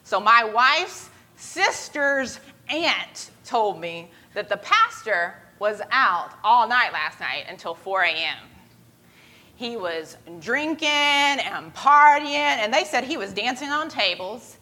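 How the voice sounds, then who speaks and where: A woman's voice: a little high, very animated, slow pace, exaggerated voice. A woman doing a grumpy gossiping know-it-all theologian. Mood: gossipy. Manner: hushed gossiping whisper.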